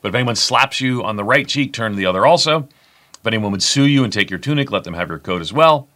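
A middle-aged pastor preaches a conversational sermon, talking fast in a lowish, animated voice with a bright, forceful tone. He keeps checking in with the congregation through frequent "right?" tag questions.

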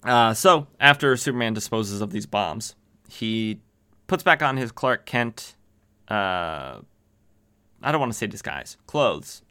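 A man recaps a vintage comic in a loose, rambling way. His voice is bright and forward. He keeps breaking off for joking asides and fillers. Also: on the low side, lively intonation, slow pace, smooth. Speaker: podcast host retelling comics.

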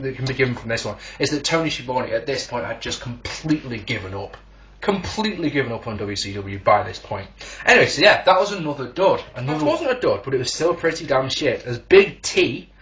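A man's voice: fairly high pitch, fairly bright tone, highs cut off. Sarcastic man ranting. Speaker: wrestling reviewer. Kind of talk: sarcastic recorded show review.

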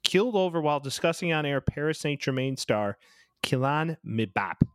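A man's voice: a little high, lively intonation, normal speed, smooth, no echo, clean studio sound. Crude, rambling male podcast co-host. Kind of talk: casual sports podcast chat.

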